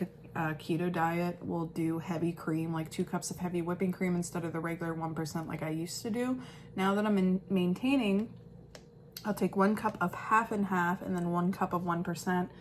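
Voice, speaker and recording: A woman's voice: lowish voice, a little hiss or hum. A woman in her thirties, a mother and vlogger, chatting casually at home in a rambling, filler-heavy way. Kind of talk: casual vlog chat.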